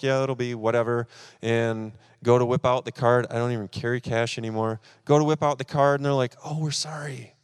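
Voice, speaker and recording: A man's voice: mid-range voice, clear, resonant tone, no echo, clean studio sound. A man, preaching at a church service and animatedly acting out his own frustration while telling a personal story. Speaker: pastor.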